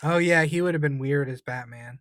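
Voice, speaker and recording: A man co-hosting a podcast, reading out odd news stories in a teasing, deadpan way during casual chat. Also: fairly high pitch, a little fast, dry recording, clean studio sound. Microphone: studio mic.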